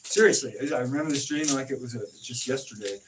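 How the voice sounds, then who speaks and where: A man telling stories in a casual chat, acting out quoted dialogue with animated swings in his delivery. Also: medium pitch, quick pace. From California. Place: informal home conversation. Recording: distant mic with faint noise.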